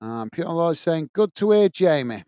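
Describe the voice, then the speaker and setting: This Englishman's voice is on the high side, sing-song, warm and smooth, with a measured pace and clean, echo-free studio sound. He's hosting a live football watchalong, chatting as he calls the action and reads viewer messages aloud.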